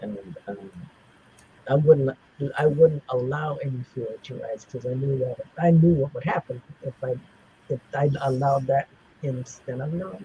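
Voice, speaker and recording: A man's voice: mid-range voice, unhurried, mellow, lo-fi sound, a little hiss or hum. A man in his seventies tells personal stories as an interview guest, rambling with many restarts and fillers. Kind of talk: personal storytelling in a casual interview.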